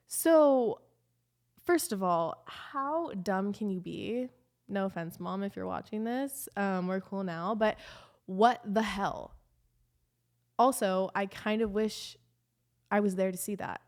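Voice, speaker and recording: A young woman hosting a podcast, telling a story in a candid, animated way and swearing freely. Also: mid-range voice, takes it slowly. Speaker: podcast host. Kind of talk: casual storytime chat.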